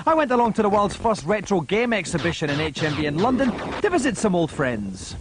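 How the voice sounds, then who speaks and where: A man's voice: sits high, very animated, brisk, background noise. A man hosting a games show, delivering wisecracking scripted voice-over narration. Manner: cheeky, wisecracking. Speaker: host. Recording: voice-over with loud music underneath. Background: loud music.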